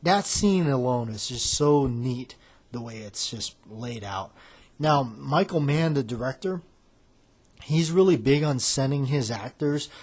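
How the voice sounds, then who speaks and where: A man's voice: mid-range voice, a little mellow, slightly rough. A man hosting a podcast in casual chat, rambling as he retells film scenes. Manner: rambling, loosely acting out quoted lines. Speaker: podcast host.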